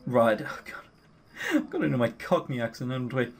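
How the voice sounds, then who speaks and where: A man's voice: mid-range voice, big pitch swings, fairly quick. A man joking sarcastically while playing a visual novel. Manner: sarcastic, jokey, sweary asides. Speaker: let's play host. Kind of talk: casual visual novel commentary.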